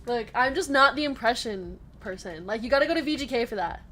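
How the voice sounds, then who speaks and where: A woman with a somewhat high voice hosts a live card break stream. She chats easily and giggles often between card calls while she reads out comments from the chat. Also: animated, brisk, fairly bright tone, slight background noise.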